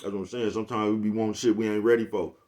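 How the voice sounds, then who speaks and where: A man's voice: lowish voice, flat delivery, racing, darkish tone. Laid-back slangy man ranting to camera. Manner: laid-back slangy rant, repeats "you get what I'm saying". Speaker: channel host. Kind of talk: casual vlog monologue.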